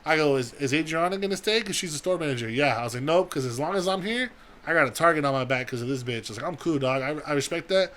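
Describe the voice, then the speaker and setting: A young man spins a profane story on a podcast at a rapid clip, his voice pitched a touch high. He acts out every line of dialogue himself. A faint hum of room sound sits underneath. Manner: profane, animated storytelling with acted-out quotes. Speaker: podcast co-host. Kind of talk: casual storytelling.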